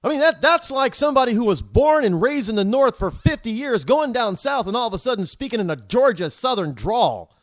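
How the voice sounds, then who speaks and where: Man, talk radio host, rambling indignant monologue, animated pitch, dry studio mic. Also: a little fast, few pauses, no echo. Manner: rambling, restarts often, indignant rhetorical questions.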